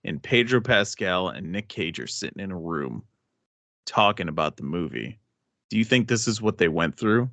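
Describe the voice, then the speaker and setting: Male podcast co-host, somewhat low pitch, dry close sound, rambling delivery. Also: lively intonation, normal speed, gravelly, a bit bright, no room sound. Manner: rambling, thinks aloud. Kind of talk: casual movie review chat.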